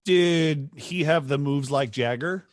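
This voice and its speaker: A man's voice: a little high, slow, no room sound, studio quality. Wry, teasing man on a podcast. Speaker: podcast co-host. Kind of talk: casual chat.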